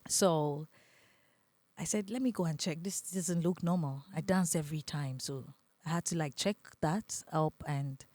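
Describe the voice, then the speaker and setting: Guesting on a podcast, a young Nigerian-accented woman with a deep voice speaks a little slowly and shares her story conversationally. She laughs a lot and brings the quoted voices to life in an animated way, recorded with no echo.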